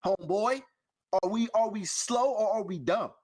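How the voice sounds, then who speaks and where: A man with a fairly high voice makes his case in a casual podcast chat. He leans on rhetorical questions and slang and talks with emphasis. He sounds like he is debating a friend. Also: moderate pace, darkish tone. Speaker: podcast co-host.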